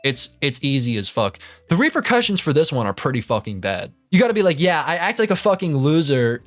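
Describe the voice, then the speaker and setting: Animated, swearing male commentator. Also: fairly high pitch, brisk, no room sound. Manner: animated, swears constantly, incredulous ranting. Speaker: commentary youtuber. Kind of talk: casual reaction commentary.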